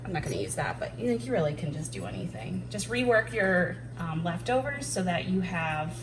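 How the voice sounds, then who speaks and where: A woman chatting casually while she cooks at home, self-deprecating and thinking out loud as she works. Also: lowish voice, sing-song, moderate pace, background noise. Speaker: homeschooling mom cooking on camera. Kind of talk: casual cooking chat. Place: home kitchen. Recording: distant mic with clattering dishes behind.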